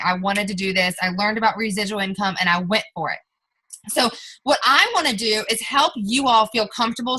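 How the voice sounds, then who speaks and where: Young woman team leader, peppy pep-talk coach on a video call, bright and slightly high. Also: low-quality recording. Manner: upbeat, coaxing, role-plays scripted pitches to friends. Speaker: network marketing team leader. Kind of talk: motivational sales coaching on a group video call.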